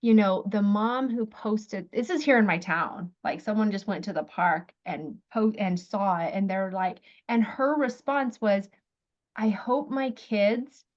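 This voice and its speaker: A woman working as a parenting coach, giving gentle, thoughtful advice on a video call. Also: mid-range voice, expressive, unhurried, few pauses, highs cut off.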